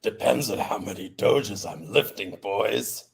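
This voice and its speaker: A man's voice: fairly low pitch, animated, measured pace, creaky, husky, poor audio. A man in casual chat, laid-back and making goofy jokes.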